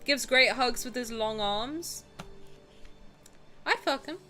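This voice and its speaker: Young streamer girl, kinda high bright voice, bouncy, cheeky and swears a lot, faint music behind. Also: slow pace. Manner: animated and cheeky, swears and laughs often. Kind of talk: casual live-stream chat. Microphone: headset with headphones.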